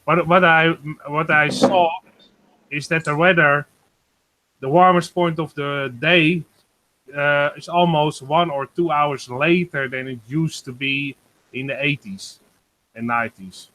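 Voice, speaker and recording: A man speaks from home over a video call, his voice bright and forceful. He pitches a touch high and stops often to search for words. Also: steady tone. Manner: hesitant, many uh pauses. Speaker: guest giving a weather report. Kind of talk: casual group video call. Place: home in Germany.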